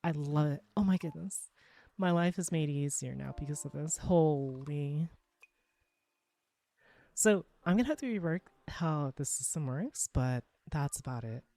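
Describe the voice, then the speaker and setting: A woman streaming live, chatting casually while she works, excitable and full of exclamations as she greets her chat. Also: low-pitched, normal speed, creaky. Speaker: live streamer and world creator.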